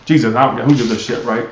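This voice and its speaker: Blunt male tarot reader, sarcastic and profane, mid-pitched, roomy lo-fi sound. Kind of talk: live tarot reading.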